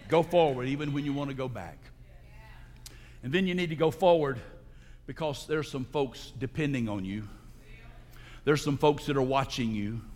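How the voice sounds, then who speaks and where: A male pastor giving a sermon in a church sanctuary, preaching emphatically and breaking into loud, high outbursts. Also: moderate pace, pauses often. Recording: long hall reverb.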